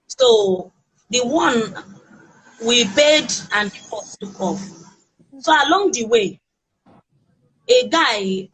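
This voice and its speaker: A woman with a Nigerian accent giving personal testimony as an interviewee, talking in a halting, emotional way with many restarts. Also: mid-range voice, a bit bright, a little hiss or hum, rough recording. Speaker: interviewee recounting a kidnapping.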